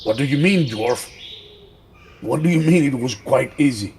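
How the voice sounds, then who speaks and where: A man voicing a gruff, blunt village man who is coarse and loud in a tabletop game. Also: mid-range voice, slow, a little hiss or hum. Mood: indignant.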